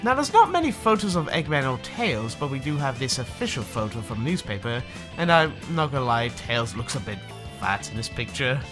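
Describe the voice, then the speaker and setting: Sarcastic, lively video reviewer. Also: medium pitch, moderate pace, music in the background. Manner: sarcastic, opinionated, expressive. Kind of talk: casual commentary review.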